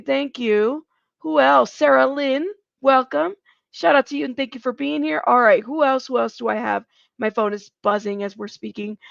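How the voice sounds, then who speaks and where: A woman hosting a live true-crime commentary stream, chatty and animated, laughing between lines, heard through a home streaming mic. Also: high-pitched, creaky, dry recording. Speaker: livestream host. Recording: dull lo-fi stream mic audio.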